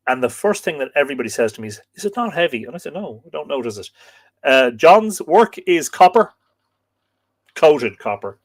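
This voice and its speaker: A man's voice: on the high side, very animated, a little fast, no room sound. A man with an Irish accent hosting a casual live stream, playfully reading out and answering viewer comments. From Ireland.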